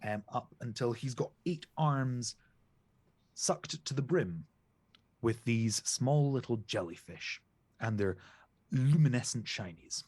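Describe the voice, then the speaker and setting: A man's voice: mid-range voice, lively intonation, takes it slowly, a little mellow, slightly rough. A man serving as game master, narrating a tabletop game in rambling, searching descriptions.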